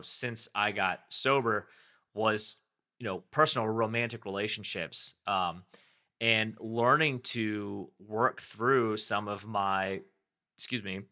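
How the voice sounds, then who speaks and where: A man with a lowish but sharply bright voice hosts his own podcast. He talks candidly and loosely, often restarting a phrase to get it right. It sounds like relaxed solo reflection into a microphone. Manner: candid, rambling, self-correcting, acts out his inner voice. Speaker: podcast host.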